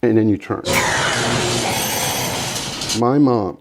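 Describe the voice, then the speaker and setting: A middle-aged man, a musician guest, telling a funny family story in a casual interview, animated and full of laughter. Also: fairly low pitch, slow pace, background noise. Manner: animated, laughing, bursts into shouted imitations.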